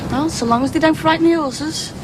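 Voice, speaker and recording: A woman's voice: high voice, a little fast, lightly acted. An actress playing a dry-witted, down-to-earth woman who teases in studio sitcom style. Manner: dry and teasing. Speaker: sitcom character, friend of the hostess. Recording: studio audience laughter, background noise.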